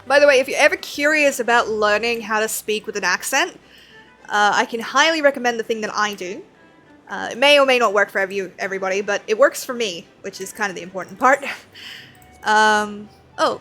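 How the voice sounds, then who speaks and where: A woman's voice: mid-range voice, pushed and bright. A woman streaming a game and chatting casually, rambling and self-deprecating, with lots of fillers. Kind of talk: casual chat while playing.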